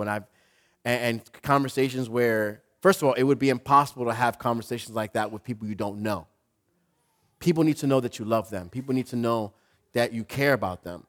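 A man preaching a sermon as pastor, talking in a conversational, animated way with playful asides. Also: medium pitch.

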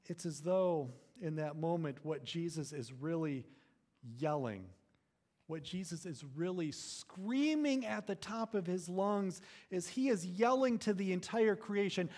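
A man preaching a sermon, building to loud emphatic phrases and then dropping low and quiet. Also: unhurried. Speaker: pastor.

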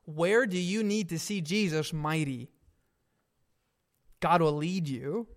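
A man preaching a sermon in an earnest, deliberate way, stressing his points with direct questions to his listeners. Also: a little high.

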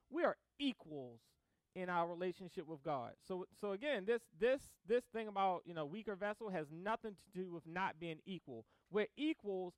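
A man preaching a sermon in a casual, animated way, acting out both sides of conversations and laughing as he tells stories. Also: sits high, clear, resonant tone, dry recording. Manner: casual slang-filled delivery with laughter. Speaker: pastor.

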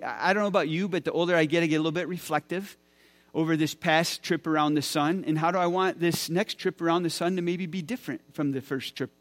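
A man in his forties, a pastor speaking to his church, enthusiastic and often repeating words as he talks. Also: a little high. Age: 40s. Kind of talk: church sermon talk. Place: church sanctuary.

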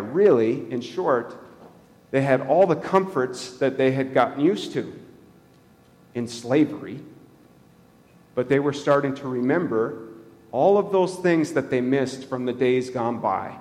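A man's voice: on the high side, measured pace, pauses often, a little mellow. A man pastor giving a conversational sermon in a church, asking the congregation questions and chuckling at his own jokes. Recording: long hall reverb.

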